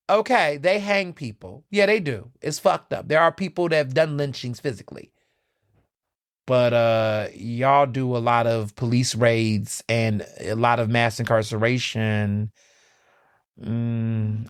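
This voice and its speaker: A man's voice: mid-range voice, a bit bright, dry recording, studio quality. A young man from the American South hosting a podcast, ranting in opinionated solo commentary with profane, emphatic outbursts. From Southern United States. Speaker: podcast host.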